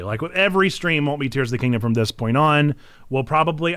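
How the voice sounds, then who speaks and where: A young man hosting a live game stream, chatting casually and excitably with frequent giggles. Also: fairly high pitch, clean tone.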